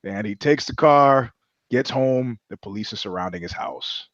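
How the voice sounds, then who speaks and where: A man's voice: mid-range voice, animated, moderate pace, no echo, highs cut off. A man co-hosting a podcast, telling rambling anecdotes in casual chat, swearing freely and acting out the quotes. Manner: rambling storyteller, swears often, acts out quotes. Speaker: podcast co-host.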